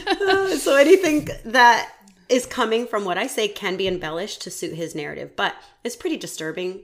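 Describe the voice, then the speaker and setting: A woman hosting a podcast, telling a true crime story in casual chat, animated, laughing often and swearing freely. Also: mid-range voice, normal speed.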